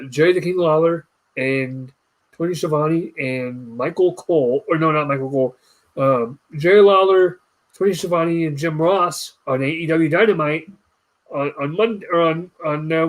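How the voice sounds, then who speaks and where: Speaking at normal speed with a fairly high pitch, a young man in early adulthood hosts a laid-back podcast conversation. His storytelling is full of animated voice mimicry.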